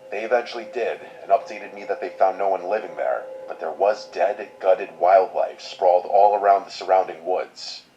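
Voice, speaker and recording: A man reading a scripted horror story in a measured, somber way. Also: deep voice, mellow, soft background music. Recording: dull lo-fi sound, faint noise.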